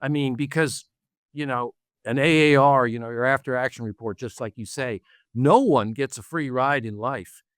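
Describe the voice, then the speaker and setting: A man's voice: medium pitch, fairly bright tone, no echo, clean studio sound. A middle-aged man speaking as an author and guest in an interview, earnest and listing examples. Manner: earnest, lists examples, quick laughs. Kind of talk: interview conversation.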